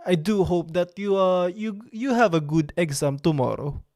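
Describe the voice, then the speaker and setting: A man hosting a livestream, chatting with viewers in a playful, vain, mock-serious way. His phrasing is halting and broken, and he drops in occasional French words. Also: sits high, a little mellow. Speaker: livestream host. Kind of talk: casual livestream chat with viewers.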